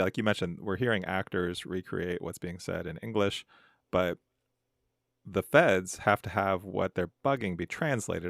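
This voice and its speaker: A man talks over a crime series with his co-host, thoughtful and rambling, leaning on "like" and "right?". His voice is deep, with gravelly vocal fry and a dry, close sound. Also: a bit bright, no room sound. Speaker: podcast co-host. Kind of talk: casual recap chat.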